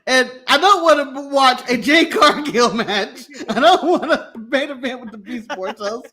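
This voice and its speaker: A man co-hosting a casual wrestling recap podcast, laughing and swearing through animated rants. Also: very high voice, normal speed. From United States. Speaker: podcast co-host.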